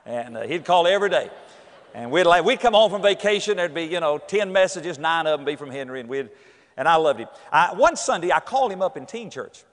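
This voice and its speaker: A man's voice: a little high, lively intonation, fairly quick. A middle-aged man with a North Carolina accent, preaching a storytelling sermon in a church and acting out the voices in his stories. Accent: Southern US, North Carolina. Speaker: pastor. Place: church, indoors. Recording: echoey church hall.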